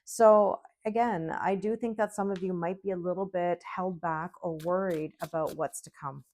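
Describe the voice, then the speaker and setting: A woman's voice: fairly low pitch, steady tone, moderate pace, a little mellow. A middle-aged woman giving a casual tarot reading, chatty and reassuring, often checking in with the listener. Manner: chatty, reassuring, often asks "okay?" and "right?". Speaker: tarot reader.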